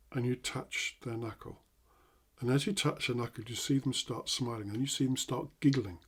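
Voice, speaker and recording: A middle-aged man with an English accent, a hypnotherapist teaching an NLP technique with animated demonstrations. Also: medium pitch, slightly rough. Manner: animated, acts out laughing prompts with loud bursts. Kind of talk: instructional talk with demonstrations.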